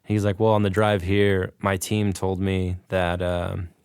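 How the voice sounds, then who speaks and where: A man's voice: low-pitched, unhurried, clear, resonant tone, no room sound, clean studio sound. A man on a podcast, animatedly recounting a story and acting out the dialogue. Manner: excited, animated retelling with quoted dialogue. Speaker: podcast guest. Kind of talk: casual storytelling.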